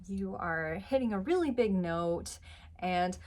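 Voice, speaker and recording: A woman teaching a singing lesson, patiently explaining pitch and demonstrating notes with her voice. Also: expressive, a little slow, a little mellow. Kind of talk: vocal lesson.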